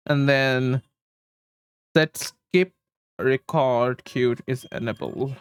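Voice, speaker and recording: A man's voice: medium pitch, fairly even intonation, drawn-out words, clear, resonant tone, dry recording, clean studio sound. A man livestreaming, rambling casually to his chat with frequent chuckles while he fiddles with settings.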